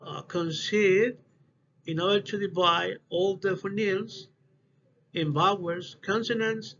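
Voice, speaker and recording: A high-voiced man gives a class presentation at a slow, careful pace, often stopping to restart his phrases. The recording is dull and lo-fi, with faint hiss underneath. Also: fairly bright tone. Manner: halting, restarts phrases, non-native English phrasing. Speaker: student presenter.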